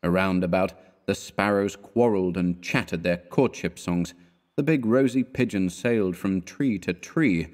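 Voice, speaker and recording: A man reading a classic short story aloud as an audiobook narrator, in a measured manner. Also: deep voice, a little mellow.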